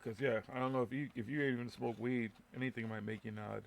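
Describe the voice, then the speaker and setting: Brief: male host of a live web radio show, gravelly mid-pitched voice, rambling, profane, restarts a lot. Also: steady tone, quick pace, slight background noise. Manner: loose, swearing, laughing, stumbling restarts. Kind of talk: casual live show banter.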